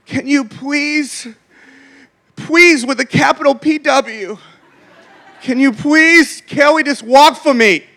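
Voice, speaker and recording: A man voicing a little boy who yells for help and pleads with his dad in a whiny, shrill way. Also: slow, long pauses, exaggerated voice. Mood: pleading.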